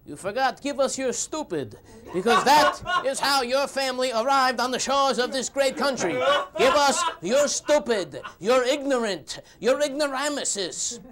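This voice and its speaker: A man playing a loud, insulting conservative debater in a TV comedy sketch, shouting and mocking with rhymes. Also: very high voice, animated, a little slow, a crowd in the background. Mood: ranting. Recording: studio audience laughing loudly.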